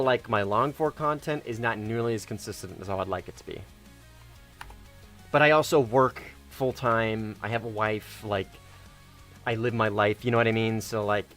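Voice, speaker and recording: Low-voiced man rambling on a game stream. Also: fairly bright tone. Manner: rambling, self-correcting, casually profane. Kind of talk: casual gaming livestream chat.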